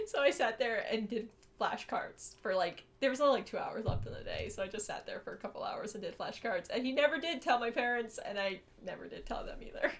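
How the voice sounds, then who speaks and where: A woman's voice: on the high side, animated, a little fast, few pauses. A young woman co-hosting a podcast, telling a story in casual chat, swearing freely, laughing often and acting out the voices she quotes. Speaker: podcast co-host.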